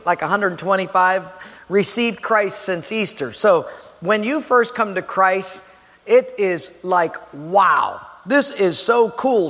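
High-voiced animated pastor preaching. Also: male voice, in a large hall. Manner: animated, acts out little voices and exclamations. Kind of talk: sermon. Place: church sanctuary.

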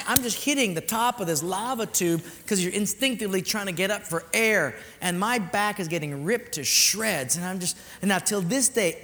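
In a reverberant hall with faint background ambience, a man preaches as a pastor, animatedly telling a story and acting out its dialogue. His voice is high-pitched and sharp.

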